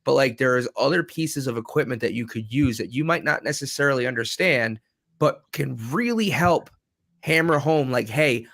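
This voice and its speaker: A man in the middle pitch range explains his view on ghost-hunting gear, earnest and rambling. He fills his sentences with "like" as he goes. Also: lively intonation, normal speed, fairly bright tone, dry recording, studio quality. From Polish heritage. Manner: rambling and earnest, heavy use of "like". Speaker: paranormal investigator and co-host. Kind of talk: casual chat.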